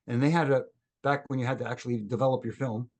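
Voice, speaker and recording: Gravelly man telling stories. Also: medium pitch, fast talker. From Canada. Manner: lively anecdotal storyteller who acts out quoted dialogue. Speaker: guest, former wrestling referee. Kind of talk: casual podcast storytelling.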